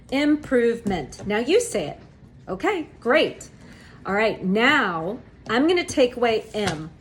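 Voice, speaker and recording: Woman, reading tutor, unhurried and encouraging, demo-lesson delivery with a faint hiss in the room. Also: mid-range voice. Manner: slow, encouraging teacher talk with drawn-out sounds. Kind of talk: instructional demonstration for tutors.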